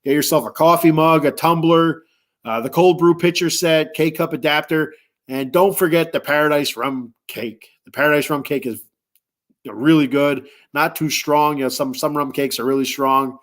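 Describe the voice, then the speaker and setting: A man hosting a sports podcast, reading sponsor spots casually with lots of fillers and slow, careful reading of phone numbers. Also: a little high, fairly even intonation, fairly bright tone. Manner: rambling, filler-heavy, tired; reads numbers slowly and deliberately. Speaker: podcast host.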